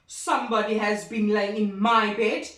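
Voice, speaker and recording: A woman doing a loud, gruff big bear. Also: medium pitch, steady tone, measured pace, echoey room, far from the mic, natural voice.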